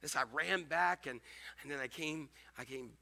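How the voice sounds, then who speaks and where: Man voicing a grieving woman, rambling and tearful, low and hushed. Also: moderate pace, gravelly, heavily acted. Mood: weary recounting. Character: grieving woman retelling her story.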